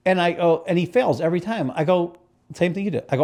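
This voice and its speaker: A man with a Connecticut accent co-hosts a podcast, telling stories in a relaxed, profane and animated way while acting out the characters. He has a high voice and talks fast.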